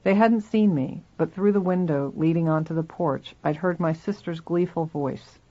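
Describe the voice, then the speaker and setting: A reader narrating a memoir aloud in steady first person, in a dull lo-fi recording. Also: medium pitch, normal speed.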